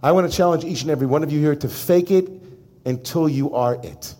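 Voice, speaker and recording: A man who is a rabbi, delivering an animated sermon and speaking directly to his congregation. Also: on the high side, fairly quick. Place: synagogue before a congregation.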